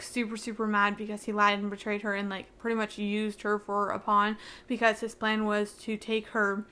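A woman's voice: mid-range voice, fairly bright tone. A young woman hosting her own podcast, recapping a book in a rambling, gushing way full of "like.". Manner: rambling, gushing, heavy use of "like". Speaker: podcast host.

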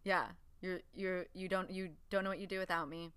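A woman's voice: fairly low pitch, little pitch movement, brisk, a bit bright, clean tone, no echo. A young woman co-hosting a podcast, chatting candidly and swearing freely, often laughing. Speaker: podcast co-host. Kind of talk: casual chat.

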